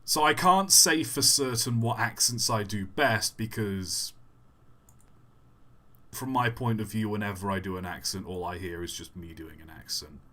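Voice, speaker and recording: A man's voice: lowish voice, normal speed, bright, forceful tone. A man answering chat questions on a casual live stream, rambling and self-deprecating, with many fillers.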